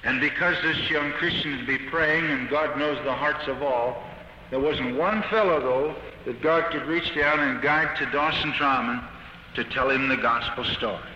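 A man giving his own testimony as a sermon, telling it earnestly with halting restarts, recorded on an old archival tape in a reverberant hall. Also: mid-range voice, bright, forceful tone, muffled recording, slight background noise. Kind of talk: sermon-style personal testimony.

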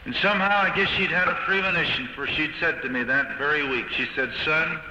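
A man giving his own testimony as a sermon, telling it earnestly with halting restarts, recorded on an old archival tape in a reverberant hall. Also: on the high side, sharp tone, dull audio, slight background noise. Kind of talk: sermon-style personal testimony.

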